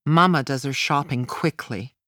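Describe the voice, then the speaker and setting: A woman narrating a first-person memoir as an audiobook, in a measured, plain storytelling manner. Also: deep voice, sharp tone, dry recording, clean studio sound.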